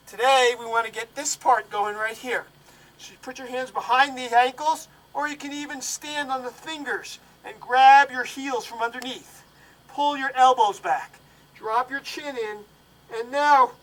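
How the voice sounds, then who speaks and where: A man guiding a stretching routine step by step, calm and instructive, a little out of breath. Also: very high voice, distant mic, low-quality recording. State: slightly out of breath. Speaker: bodywork instructor.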